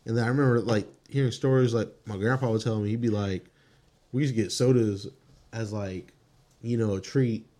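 A man's voice: fairly low pitch, fairly even intonation, fairly quick, mellow. A young man co-hosting a podcast in casual chat, rambling with lots of fillers and slang. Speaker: podcast co-host.

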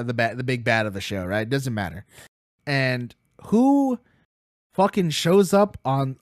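A man co-hosting a casual wrestling podcast, telling stories excitedly, swearing freely and laughing as he goes. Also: a little high, dry recording, studio quality. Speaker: podcast co-host.

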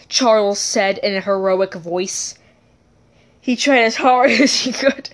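A woman's voice: mid-range voice, slow pace. A woman casually telling a funny personal story, giggling often and correcting herself as she rambles along. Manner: giggly, keeps breaking into laughter; rambling, self-correcting asides.

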